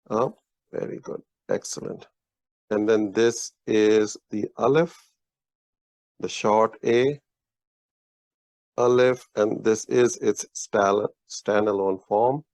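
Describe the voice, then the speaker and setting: Slow, patient man teaching a lesson. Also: on the low side, steady tone, a little mellow, dry recording. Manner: patient, slow explaining with frequent restarts and praise. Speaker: Urdu teacher. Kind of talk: casual one-on-one language lesson. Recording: dull, lo-fi, dry audio.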